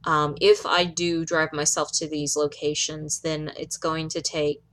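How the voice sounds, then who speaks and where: A woman records a personal video update to the camera. Her voice sits low, and she speaks haltingly, with frequent fillers, pauses and restarts as she gathers her thoughts. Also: flat delivery, fairly bright tone. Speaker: vlogger. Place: in or near Fresno.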